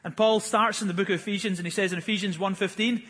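A man's voice: high-pitched, steady tone, fast, a bit bright, in a large hall. A man, preaching a sermon, earnest and building to fervent emphasis. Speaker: pastor.

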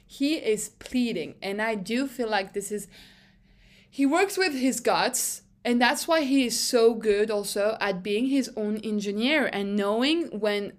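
Animated, opinionated young woman podcaster. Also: on the high side. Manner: animated, opinionated, swears freely. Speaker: podcast host. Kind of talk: casual solo podcast monologue.

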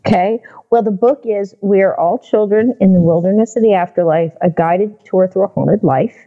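A woman guest on a podcast, telling her experiences in a casual, animated way and acting out the people in her stories. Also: mid-range voice, moderate pace, phone-quality sound. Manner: animated storyteller who acts out the people in her anecdotes. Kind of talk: casual storytelling interview.

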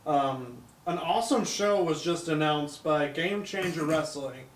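A man's voice: on the high side, measured pace, recorded from a distance. A man with a slightly raised voice who cracks jokes and stumbles through announcements with hesitant ums, sitting in on a casual podcast. The room is echoey. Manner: jokey quips, hesitant ums. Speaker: podcast co-host. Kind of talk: casual chat, reading announcements.

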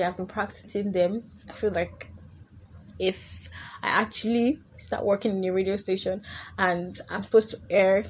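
A woman's voice: medium pitch, a little mellow. Young female podcaster, casual comedic monologue, playful and chatty, faint room noise. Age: young adult. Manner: chatty, laughing, slipping into put-on voices. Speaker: podcast host.

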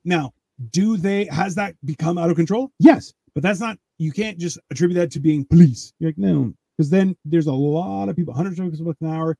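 A man chatting casually on a podcast, rambling with halting restarts and crude jokes. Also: on the high side, gravelly, mellow, slightly rough, dry recording. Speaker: podcast guest. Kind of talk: casual chat.

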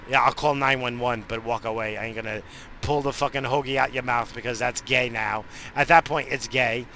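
High guy rambling and cussing nonstop, bright tense voice, faint car noise behind. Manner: profane, rambling, easily distracted. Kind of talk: rambling casual monologue.

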